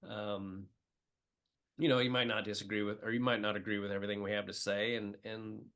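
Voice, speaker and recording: A man's voice: lowish voice, little pitch movement, brisk, fairly bright tone. A middle-aged man from the Midwest, a comedian talking as a podcast guest, telling emotional stories with many fillers. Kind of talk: casual interview chat.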